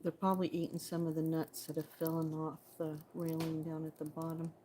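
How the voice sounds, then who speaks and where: A woman's voice: sits low, monotone, fairly quick, dark tone, a little hiss or hum. A woman chatting playfully to her viewers on a casual livestream, thanking them and talking about the birds outside. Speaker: livestream host.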